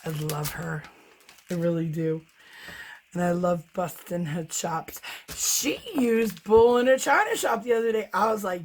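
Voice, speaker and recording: A woman's voice: fairly low pitch, measured pace, low-quality recording. A middle-aged woman, an acrylic pour artist, chatting casually and rambling while she paints in her home studio. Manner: chatty, rambling, self-teasing.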